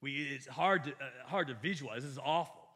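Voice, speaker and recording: Bright-voiced male preacher, earnest and emphatic. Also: mid-range voice, fairly quick, husky. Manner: earnest, emphatic, with frequent restarts. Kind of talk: sermon.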